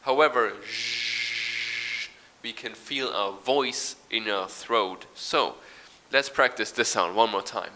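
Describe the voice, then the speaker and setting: A man's voice: lowish voice, a little slow, sharp tone. A man teaching English pronunciation, explaining patiently, modelling sounds and reading a short text aloud. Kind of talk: recorded pronunciation lesson.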